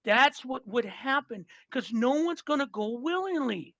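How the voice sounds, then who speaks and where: A man on a podcast as a guest in casual chat, animated and swearing freely, retelling comedy bits and repeating himself for emphasis. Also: very high-pitched, a little slow, no room sound.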